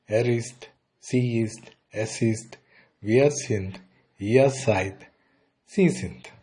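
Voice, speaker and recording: A man's voice: fairly low pitch, a little mellow, husky. A man teaching a beginner language lesson. He says each phrase, then translates it plainly, and sometimes restarts a word partway through.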